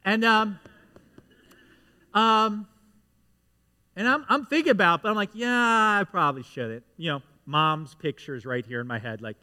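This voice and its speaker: A man preaching a sermon to his congregation, telling a story with lively asides that pull the listeners in. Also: a little high, a little slow, pauses often, in a large hall. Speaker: pastor. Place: church sanctuary.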